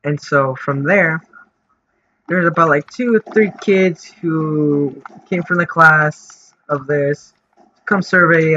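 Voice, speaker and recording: A man with a fairly high, sharp voice tells a story for his vlog, casual and rambling, full of fillers and restarts. The audio is dull and lo-fi, with faint noise.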